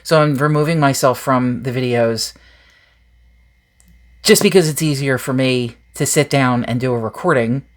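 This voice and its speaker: A woman's voice: very deep voice, normal speed. A woman hosting a paranormal channel, chatting casually and candidly with viewers in a rambling, self-deprecating way. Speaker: paranormal YouTube channel host. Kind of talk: casual direct-to-viewer chat.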